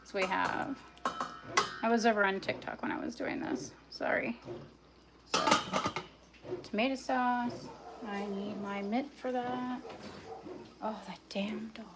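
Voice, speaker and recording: A woman's voice: fairly high pitch, steady tone, unhurried, long pauses, very noisy. A woman narrating her own cooking in a casual livestream, muttering to herself as she works in her home kitchen. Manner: chatty self-narration, muttering to herself, bursts of yelling at her dog. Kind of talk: casual talk while cooking.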